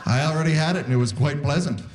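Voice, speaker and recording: A man's voice: on the high side, rapid-fire. A man in his forties from Canada, doing a live stand-up set and acting out the voices in his stories. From Saskatoon, Canada. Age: 40s. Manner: animated, acting out quoted voices. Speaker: stand-up comedian.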